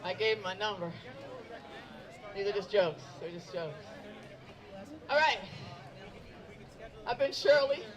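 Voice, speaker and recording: A woman's voice: mid-range voice, expressive, takes it slowly, pauses often, lo-fi sound. A middle-aged woman doing a stand-up set outdoors, teasing herself and bantering with the crowd. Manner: self-deprecating, bantering with the crowd. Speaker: stand-up comedian. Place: outdoor event. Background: crowd of onlookers.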